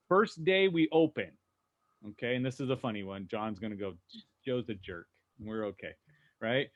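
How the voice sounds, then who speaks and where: A man co-hosting a podcast, telling lively anecdotes and acting out what people said. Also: a little high. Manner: animated anecdotes, acting out quotes. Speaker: co-host. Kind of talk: casual podcast storytelling.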